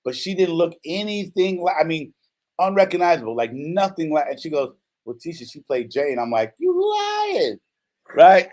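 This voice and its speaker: A man in his fifties, his voice a little high and his delivery slightly quick, hosts a casual show. Animated as he tells a story, he dramatizes the quotes and says "right?" a lot.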